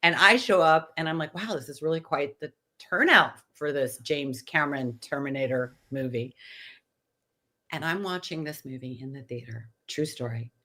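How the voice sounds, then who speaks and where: A woman in her sixties, a podcast guest, telling an animated story and acting out the dialogue. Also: low voice, moderate pace. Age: 60s. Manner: animated, acts out quoted dialogue. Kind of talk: anecdotal storytelling in conversation.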